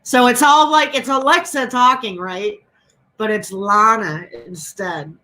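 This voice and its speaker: Over a video call, a woman hosts a casual chat, telling stories and laughing a lot in a chatty way. Her voice is on the high side, pushed and bright, a little slow, with fairly even intonation, and the recording is rough.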